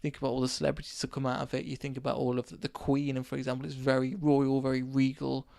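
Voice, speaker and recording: A man from England, hosting a casual solo podcast and telling a rambling story while his voice is going hoarse. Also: mid-range voice, fast talker, no echo, studio quality. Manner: rambling, animated anecdote with acted quotes. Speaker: podcast host.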